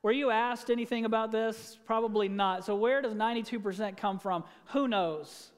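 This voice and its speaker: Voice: mid-range voice, normal speed, smooth, in a large hall. A pastor preaching a sermon in a conversational way, asking the congregation questions and telling stories.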